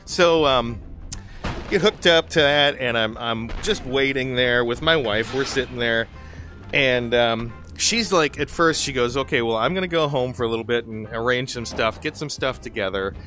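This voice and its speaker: Chatty, bright-voiced man telling a story. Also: medium pitch, moderate pace, soft background music. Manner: chatty, laughs often, many restarts. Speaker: gaming video host. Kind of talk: casual storytelling over gameplay.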